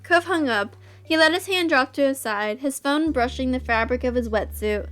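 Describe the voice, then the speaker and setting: A woman's voice: sits high, normal speed, fairly bright tone, faint music behind. A woman host reading a visual novel aloud, breaking off into giggly, gushing asides.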